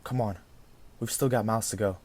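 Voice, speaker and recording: An actor playing a devoted young husband who also narrates, speaking in an earnest, reflective way. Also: male voice, fairly low pitch, fairly even intonation, brisk, darkish tone, a little hiss or hum, natural voice. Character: devoted young husband missing his far-away wife. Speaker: narrator and lead character.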